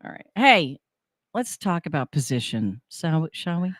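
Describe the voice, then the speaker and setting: A woman co-hosting a casual morning radio show, chatty and rambling, with a husky morning voice. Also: low voice, sing-song, a little slow, a bit bright, no room sound, clean studio sound. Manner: chatty, laughing, rambling asides. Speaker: radio co-host. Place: radio studio.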